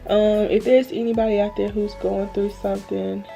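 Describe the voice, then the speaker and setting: Young woman vlogger, mellow gravelly voice, drained and holding back tears, phone-recorded at home. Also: mid-range voice, level tone, faint music behind. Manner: earnest, slow and halting, addresses viewers as y'all. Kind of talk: emotional faith-filled vlog talk. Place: at home, bedroom. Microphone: phone camera.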